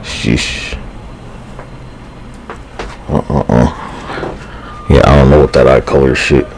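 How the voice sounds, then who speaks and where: Very deep, gravelly, slow-talking man. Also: fairly even intonation, a little mellow, slight background noise. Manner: meandering, profane, slangy, with frequent sighs and fillers. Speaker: livestreamer. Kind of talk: rambling livestream monologue.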